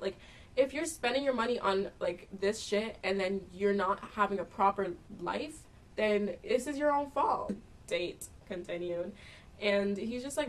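A woman's voice: fairly high pitch, far from the mic. A young woman from Canada chatting casually in a storytime vlog, animatedly retelling a bad date with quoted dialogue. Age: young adult. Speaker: vlogger.

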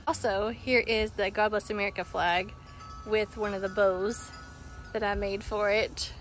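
A woman's voice: medium pitch, fairly even intonation, measured pace, soft background music. A woman giving a casual home decor walkthrough outdoors on her front porch. She talks in a chatty, upbeat way and laughs often.

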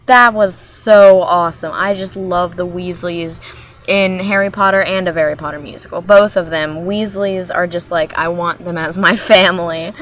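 A woman's voice: on the low side, fairly bright tone, a little hiss or hum. A woman from Maryland chatting casually in a vlog, talking in a hyper, rambling way that jumps from topic to topic. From Maryland, USA. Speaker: vlogger.

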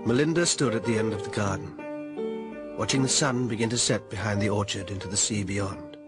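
A man narrating a romantic story in a gentle, expressive reading voice. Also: fairly low pitch, fairly quick, loud music behind the voice.

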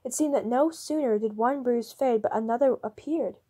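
A woman reading a novel chapter aloud in steady storybook narration. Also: a little high, normal speed, husky. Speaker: audiobook reader.

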